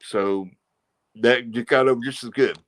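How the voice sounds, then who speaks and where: A man's voice: mid-range voice, a little slow. A middle-aged man, a former wrestler, telling rambling stories in a casual interview and acting out quotes and sound effects. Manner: rambling, acts out quotes and crowd noises.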